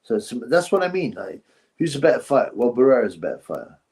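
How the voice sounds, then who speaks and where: A man's voice: medium pitch, very animated, quick pace, darkish tone. A man hosting a casual boxing livestream, rambling and thinking aloud, thanking viewers for donations.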